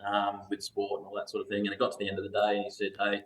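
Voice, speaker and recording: Laid-back Australian man, low flat voice. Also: racing, a little hiss or hum, low-quality recording. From Perth, Western Australia. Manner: laid-back, rambling, casual slang. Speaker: guest. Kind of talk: relaxed storytelling interview.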